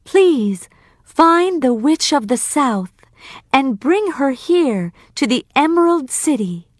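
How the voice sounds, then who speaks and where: A woman's voice: sing-song, takes it slowly, no room sound, studio quality, full character voice. A woman voicing a young girl who pleads to go home, in a raised, eager voice. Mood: pleading. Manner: high and pleading.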